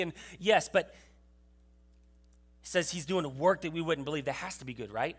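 A man's voice: a little high, fairly quick, bright, forceful tone. A man pastor giving a sermon in a conversational way, often restarting his sentences and checking in with the congregation. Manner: conversational preaching with frequent restarts and asides to the congregation.

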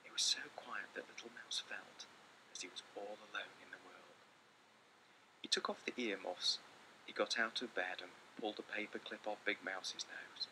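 A man reading a children's picture book aloud with lots of expression, often dropping into hushed whispers. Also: lowish voice, steady tone, moderate pace, low-quality recording. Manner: theatrical, slipping into hushed whispers. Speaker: storyteller.

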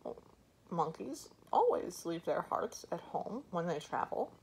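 A woman voicing a clever, calm female monkey who speaks lightly and teasingly in a storybook reading. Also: lowish voice, measured pace, gravelly, slight background noise, heavily acted, poor audio. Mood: coy.

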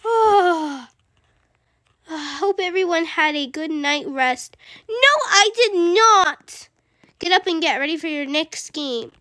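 A woman doing timid Fluttershy, very high. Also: expressive, slow pace, no room sound, studio quality, full character voice. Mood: nervous. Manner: easily frightened, gasps and soft exclamations. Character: timid gentle young female cartoon pony. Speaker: gamer. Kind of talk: playing a video game in character. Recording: constant background noise.

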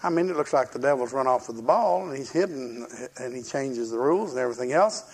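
A man's voice: mid-range voice, expressive, quick pace, breathy edge. An older man preaching a sermon in a folksy, storytelling way, acting out the voices of people in his stories.

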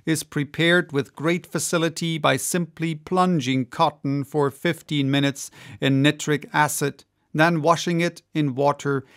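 A man reading the part of a confident male president of a gun club, explaining calmly and at length in an audiobook. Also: on the high side, creaky. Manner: calm, explanatory, lecturing.

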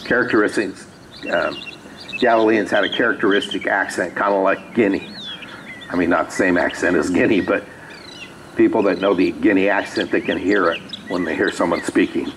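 Man, pastor, very low pitch, conversational sermon, faint background noise. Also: moderate pace. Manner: conversational storytelling with asides. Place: small rural church.

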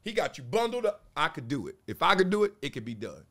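A man in his forties hosting a casual commentary show, talking in an animated way and acting out little quotes. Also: on the high side, fast. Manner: animated, acts out voices and quotes. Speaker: show host.

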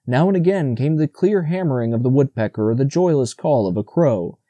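A man narrates a children's classic in a dark, mellow voice with a lively, rising and falling melody. His reading is gentle and expressive. The sound is close and dry. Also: mid-range voice, brisk, dry recording. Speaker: audiobook narrator. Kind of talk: scripted narration.

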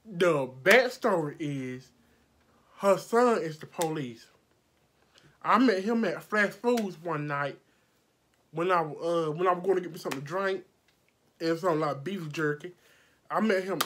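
A woman makeup artist telling a storytime vlog indoors under bright lights, blunt and profane, acting out every quote and sweating from the heat. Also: fairly low pitch, expressive, a little slow, long pauses, slight background noise.

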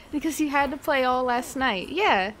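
Young female streamer, higher-pitched, slow talker, giggly and profane. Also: background noise. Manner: giggly and profane, laughs often. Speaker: game streamer. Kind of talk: casual chat while gaming live.

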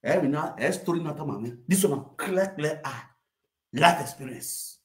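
A man with a Nigerian accent telling a comic rant, animated, mixing Pidgin and local languages and bursting into shouts. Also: on the high side, moderate pace. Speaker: comedic storyteller. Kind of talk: comic rant sharing gossip. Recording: roomy echo.

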